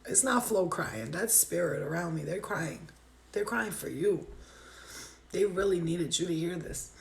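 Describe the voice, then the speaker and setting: A woman's voice: fairly low pitch, expressive, a little slow, creaky. A woman doing a spiritual reading on a livestream, talking to viewers in a heartfelt, emotional way and swearing freely. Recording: roomy echo.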